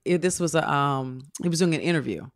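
A woman's voice: low voice, animated, fairly quick, slight background noise. A woman co-hosting a casual gossip chat, sassy and playful. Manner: playful, sassy, quotes people in mock voices. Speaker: co-host.

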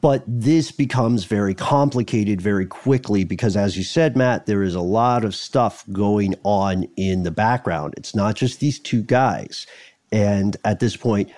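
A man's voice: lowish voice, a little slow, a little mellow, no echo, clean studio sound. A man co-hosting a podcast, telling a story in a casual, jokey way and slipping into mock voices. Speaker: podcast co-host.

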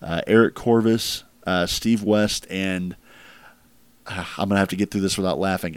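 Deep-voiced man chatting casually. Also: fairly even intonation, slow pace, pauses often, clean tone, no echo. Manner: rambling, filler-heavy, laughs at crude jokes. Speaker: podcast host ranking wrestling matches. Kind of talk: casual chat.

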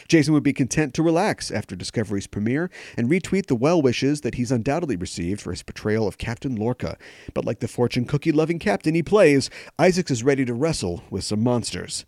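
A man hosting a comedic podcast, rattling off sarcastic jokes with a lively, bouncing pitch. His voice comes across close and dry, with no room sound at all. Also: no echo. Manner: sarcastic, jokey asides. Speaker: podcast host.

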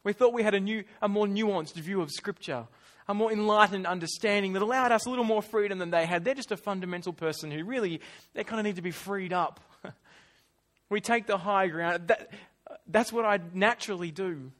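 Male preacher, fairly high voice, animated delivery with acted-out voices. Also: brisk. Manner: animated, acts out whiny voices, drops to quiet asides. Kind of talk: sermon.

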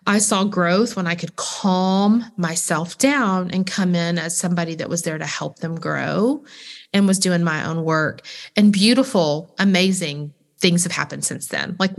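A woman, a parent and podcast guest, speaking candidly and reflectively in a casual conversation. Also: on the low side.

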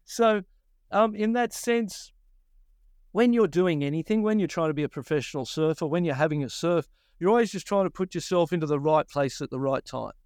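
A man's voice: a little high, brisk, darkish tone, clear, resonant tone, no echo, clean studio sound. A man in his fifties with an Australian accent, a surf commentator telling stories in a casual interview and acting out his own past thoughts.

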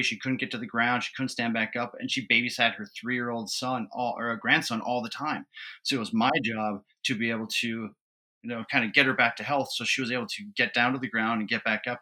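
Dad in his 30s telling funny family stories, bright clear voice, gets loud and laughy. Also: mid-range voice. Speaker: guest, father and trainer. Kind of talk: casual storytelling.

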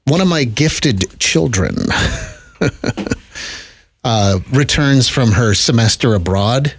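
A middle-aged man, co-hosting a podcast in chatty, animated banter and laughing easily. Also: medium pitch, slow pace, breathy edge. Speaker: radio and podcast co-host. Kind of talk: casual banter.

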